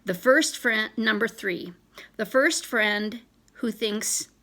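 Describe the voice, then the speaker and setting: A woman's voice: medium pitch, takes it slowly, pushed and bright. A woman vlogger reading a self-help passage aloud in an earnest way, briefly voicing the friends she quotes. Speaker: business vlogger.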